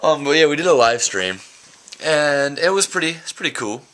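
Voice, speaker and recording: A man's voice: on the high side, animated, moderate pace, a bit bright. Goofy young man rambling to camera. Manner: goofy, rambling, self-mocking. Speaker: vlogger. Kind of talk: casual daily vlog. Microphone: handheld camera mic.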